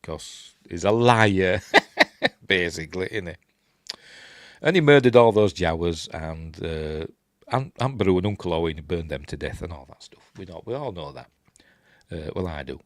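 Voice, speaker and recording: This is a man with a broad Yorkshire accent chatting his way through a film breakdown. His voice sits on the low side but roams widely in pitch, and he drifts between remarks, chuckles, and playful character impressions. The sound is dry and close. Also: lively intonation, normal speed, no room sound. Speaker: film reviewer. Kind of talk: casual film commentary.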